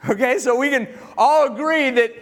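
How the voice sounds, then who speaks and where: A man preaching a sermon to a congregation in an animated, joking way, having them repeat words back to him. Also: very high voice, moderate pace. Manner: calls for the audience to repeat words. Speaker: pastor. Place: church gathering room with listeners.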